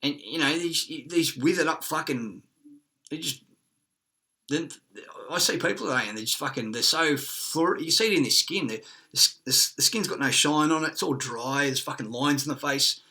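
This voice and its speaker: A man's voice: a little high, moderate pace, pushed and bright. A man with an Australian accent ranting in an agitated, profane, rambling monologue.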